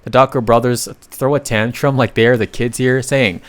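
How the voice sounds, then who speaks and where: A man's voice: mid-range voice, fairly even intonation, normal speed. A man casually narrating a comic recap, reading the characters' lines aloud and adding offhand asides. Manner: chatty, reads dialogue aloud with asides.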